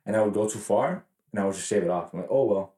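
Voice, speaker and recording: Podcast co-host, male, low mellow voice, rambling profane storyteller, echoey room. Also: racing. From Mexican heritage. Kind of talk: casual chat.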